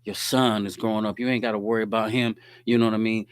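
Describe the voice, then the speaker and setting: A man's voice: lowish voice, level tone, quick pace, clean tone, no room sound. A man giving a streetwise, preachy faith-based talk straight to his listeners.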